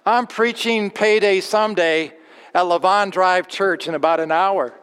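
A pastor voicing a stubborn, cheerfully defiant elderly preacher in a retold story, insistent and good-humored. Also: male voice, sits high, unhurried, a bit bright, smooth, in a large hall.

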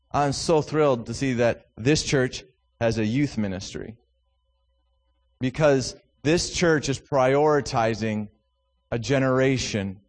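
A man from Minnesota preaches as a guest speaker in a church, moving between wry, self-deprecating family stories and fervent appeals. He sounds like a man in his thirties or forties, speaking at a steady, middle pitch. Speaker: guest speaker from a youth ministry.

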